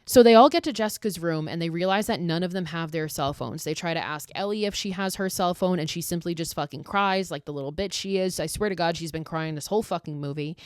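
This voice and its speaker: This is a woman telling a horror movie's plot on her podcast in a loose, chatty way, heavy on the swearing and snark. Her voice sits a little low for a woman. The sound is dry and close, with no room around it. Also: no echo. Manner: profane, sarcastic, gossipy retelling. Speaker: podcast host. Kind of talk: casual movie recap.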